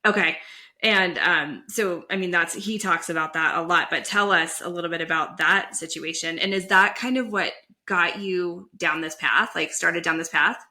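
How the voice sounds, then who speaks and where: A woman's voice: fairly low pitch, moderate pace, pushed and bright. A woman co-hosting a podcast, asking questions in an enthusiastic, gushing way with many fillers. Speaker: podcast co-host. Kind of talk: casual interview chat.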